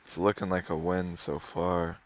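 A man's voice: sits low, level tone, moderate pace. A man giving offhand, casual running commentary while playing a mobile game, muttering his thoughts as he goes.

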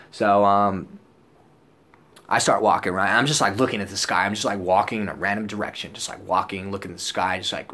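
A man's voice: fairly low pitch, moderate pace, a bit bright. A young man vlogger telling a story casually. He rambles and swears, fills his talk with "like" and "dude", and acts out his own past lines in a raised voice. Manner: rambling and profane, full of "like" and "dude".

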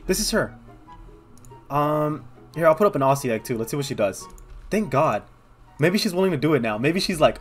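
A young man giving excitable, casual commentary on his own gameplay, thinking aloud and talking straight to his viewers. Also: medium pitch, fairly quick, faint music behind. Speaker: gaming video host.

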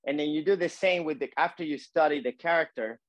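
A man teaching a calligraphy lesson while demonstrating, talking in a relaxed, repetitive coaching way with many fillers. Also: on the high side, quick pace, dry recording.

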